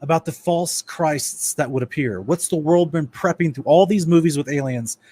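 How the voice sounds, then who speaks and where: A man's voice: on the high side, moderate pace, mellow, husky. A man giving a casual lecture-style Bible study presentation. He talks to his listeners as guys and stumbles and restarts now and then while reading passages aloud.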